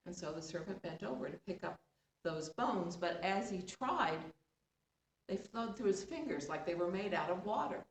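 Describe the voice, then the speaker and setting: A woman tells a folktale in an expressive voice that sits a little low, turning now and then to chat with her listeners. She is heard from a distance in a roomy space, with a faint hum of ambience behind her. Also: moderate pace. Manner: expressive, with chatty asides to listeners. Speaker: storyteller. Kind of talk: oral folktale storytelling.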